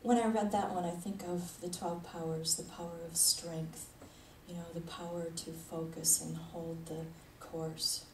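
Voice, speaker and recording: A woman's voice: fairly low pitch, little pitch movement, unhurried. A woman spiritual leader giving a conversational sermon, chuckling often as she talks. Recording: echoey hall, mic at a distance, faint noise.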